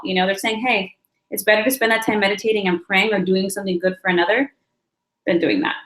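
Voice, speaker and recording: A woman's voice: medium pitch, slight background noise. A woman giving a weekly tarot and astrology reading, chatty and reassuring, talking straight to her viewers. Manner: animated with quick asides and many fillers. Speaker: tarot reader. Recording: echoey room.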